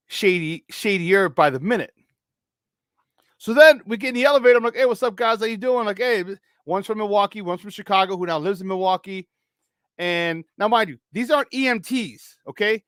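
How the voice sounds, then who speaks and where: A man with a high voice tells a story on a morning sports show, acting out each person he meets. He restarts sentences often and swears without a second thought. The sound is dry and close, with no room around him. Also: no room sound. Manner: animated, acts out the people in his story; swears casually, many restarts. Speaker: sports talk show co-host.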